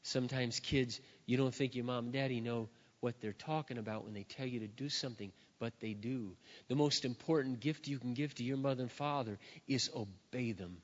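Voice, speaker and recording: A middle-aged man preaching, telling a story with lively acted-out barks and shouts. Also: medium pitch, fairly quick, few pauses. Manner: animated storyteller, acts out barking and shouting. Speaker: pastor. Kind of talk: sermon storytelling. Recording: dull sound with long hall reverb.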